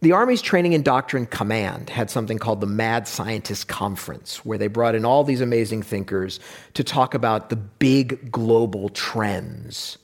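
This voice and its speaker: A man talking in a casual discussion, animated and wry, who sometimes slips into mock voices to make a point. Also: fairly low pitch, normal speed.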